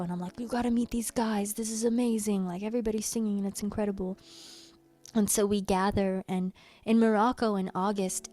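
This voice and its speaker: A young woman hosting a workshop, telling a playful story in a casual, animated way and acting out the people in it. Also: mid-range voice. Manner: animated, playful, slips into quoted voices and humming. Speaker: workshop host.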